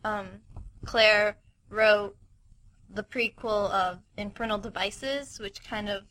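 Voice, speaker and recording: Chatty young woman, bright voice. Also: mid-range voice, steady tone, slow pace. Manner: chatty, lots of "like". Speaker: podcast co-host. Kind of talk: casual chat.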